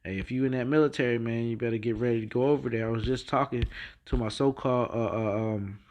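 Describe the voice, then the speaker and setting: A man's voice: medium pitch, fairly even intonation, quick pace, darkish tone. A man gives a loose, rambling commentary on the news, full of slang and fillers. He stops often to restart his sentences. Now and then he reads headlines and scripture aloud. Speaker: religious video host.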